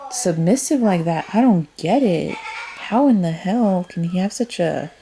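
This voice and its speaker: A woman's voice: fairly low pitch, lively intonation, measured pace, dark tone, slight background noise. A woman giving a casual tarot reading, thinking aloud in a rambling way and speaking bluntly, with free swearing. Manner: frank, blunt, swears freely. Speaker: tarot reader.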